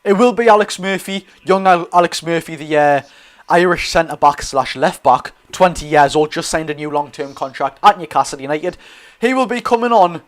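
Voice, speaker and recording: A young Geordie man streams a football watch-along, chatting through live commentary on the match, reacting to the play and reading out his viewers' messages. His voice sits on the high side and moves at a moderate pace.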